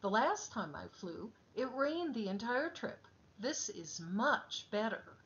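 A woman voicing a vain fat yellow parrot. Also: on the high side, sing-song, slow, lo-fi sound, slight background noise, full character voice. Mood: pleased. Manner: proud, bossy. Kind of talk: storybook reading.

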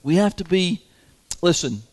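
A man's voice: sits high, lively intonation, unhurried, darkish tone, breathy edge. A man preaching a sermon to his congregation in a folksy, emphatic way, chuckling often. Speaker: pastor. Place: church sanctuary.

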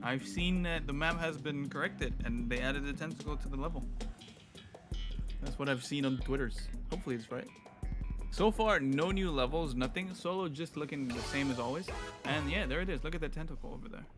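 A man's voice: a little high, fairly quick. A young man streaming a video game, chatting casually with viewers and a partner, playful and joking. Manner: playful, joking, laughs often. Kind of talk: casual live-stream gameplay chat. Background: game music.

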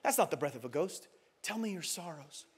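A man reading aloud as a huge deep-voiced lion. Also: brisk. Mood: gentle, solemn. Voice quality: deep, quiet and large.

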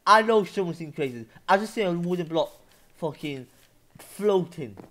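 A young man gaming and chatting casually, exasperated and swearing, sometimes shouting. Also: high-pitched, expressive, moderate pace. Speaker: gaming video host. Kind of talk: casual gameplay chat.

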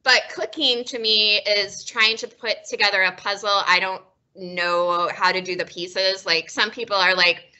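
A woman's voice: mid-range voice, steady tone, unhurried, bright, forceful tone, highs cut off. A woman librarian hosting a casual book talk, chatty and self-deprecating, often laughing. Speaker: librarian and host.

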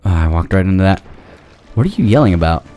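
A man's voice: low-pitched, lively intonation, quick pace, warm tone, faint music behind. A man giving goofy gameplay commentary, talking back to the enemies on screen, yelping and pleading with them when the fight goes badly. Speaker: let's play commentator.

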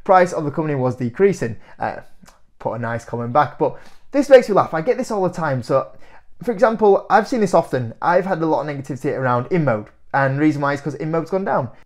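A young man talking casually to camera as an investing YouTuber, animated and incredulous, laughing often as he reacts to comments. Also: fairly high pitch, fast talker.

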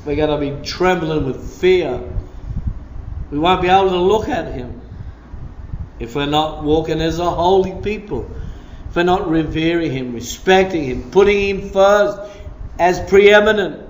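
A male pastor preaches bluntly and with passion, his voice pitched high and his delivery slow. His words ring around a roomy church hall, with a faint guitar heard behind. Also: a little hiss or hum. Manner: emphatic, impassioned, blunt. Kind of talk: sermon. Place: church meeting room.

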